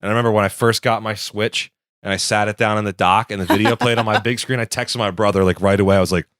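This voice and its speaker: Very deep, smooth-voiced man chatting. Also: fairly even intonation, quick pace, a bit bright, dry recording, clean studio sound. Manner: rambling, enthusiastic storyteller. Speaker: podcast co-host. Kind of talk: casual chat.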